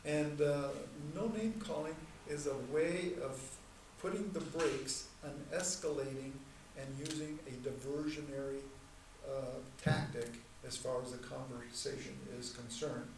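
A man teaching a church class in a measured, deliberate way, repeating key points and slowing down to stress terms. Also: medium pitch, fairly even intonation. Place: church hall. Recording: echoey room, mic far off, faint noise.

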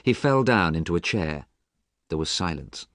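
A man narrating a storybook in a careful, measured way for learners. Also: sits low, very animated, fairly bright tone, no echo, clean studio sound. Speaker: audiobook narrator.

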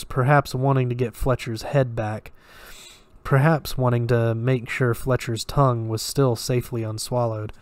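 Male story reader, steady even delivery, dry close sound, mid-range voice. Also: medium pitch, measured pace, no room sound. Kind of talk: audiobook-style story reading.

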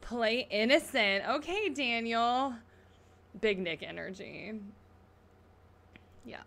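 A bubbly young woman gushes through a casual reaction chat, her voice bright with a gravelly fry at the edges. She talks unhurriedly and sits a little high in pitch. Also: lively intonation, slow pace. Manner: bubbly, gushing, lots of "like" and "y'all". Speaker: YouTuber reacting to a show.

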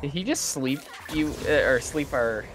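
Casting: low, lively woman gamer, casual callouts over faint music. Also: noisy background. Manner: quick callouts, excited when winning. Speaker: streamer playing an online game. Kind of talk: casual game chat with teammates.

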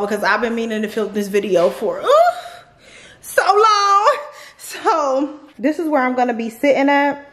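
A woman, chatting casually to her viewers in a home vlog. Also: fairly high pitch. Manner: chatty, talks straight to viewers with y'all. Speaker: vlogger, mother of young kids.

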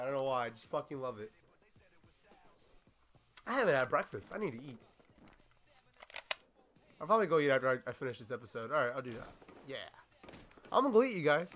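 A man commentating a wrestling video game as he plays, excitable and swearing, shouting at his opponent. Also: mid-range voice, moderate pace, long pauses, slight background noise. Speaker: gaming YouTuber. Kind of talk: let's play commentary.

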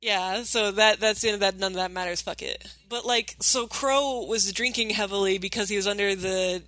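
A woman co-hosting a podcast in casual chat, sarcastic and quick, laughing often. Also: medium pitch, fairly even intonation, pushed and bright, dry recording. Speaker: podcast co-host.

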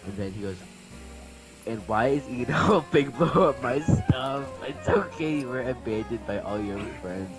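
A man's voice: medium pitch, animated, unhurried. A young male gamer casually reading group-chat messages aloud to his friends, often breaking into laughter. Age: teens. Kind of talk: casual gaming commentary. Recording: game music playing behind.

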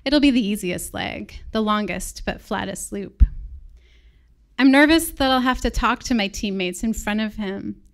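A woman from England with an American accent, reading a personal story aloud on stage in a reflective, measured way. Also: medium pitch.

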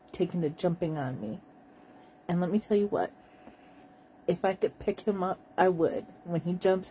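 A tired woman with a cough, talking in a slow, halting late-night monologue to her viewers. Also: on the low side, mellow, slight background noise, rough recording. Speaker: vlogger.

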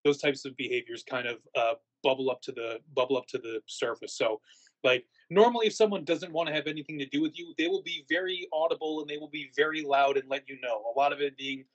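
A man's voice: on the high side, fairly even intonation, quick pace, highs cut off. Rambling man, casual interview guest. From United States. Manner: rambling, many fillers and restarts. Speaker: haunt actor guest.

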